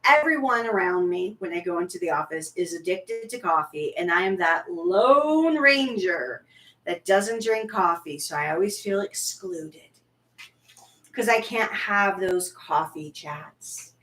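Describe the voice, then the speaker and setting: A woman's voice: on the low side, expressive, a little slow, a bit bright. A woman chatting casually and bluntly with frequent swearing while nursing a headache. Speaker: co-host. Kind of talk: casual reaction chat. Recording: echoey room, far from mic.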